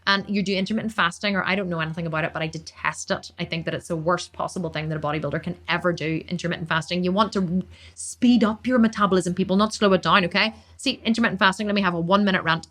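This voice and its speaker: Answering questions on a casual live broadcast, this female fitness coach and bodybuilder has a lowish voice. Her speech is very fast and emphatic, bursting with energy, and she repeats words for stress.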